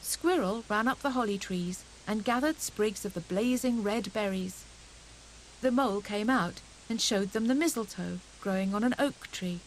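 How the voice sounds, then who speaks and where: A woman narrating a children's storybook audiobook in a gentle, expressive reading. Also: mid-range voice, a little hiss or hum, rough recording.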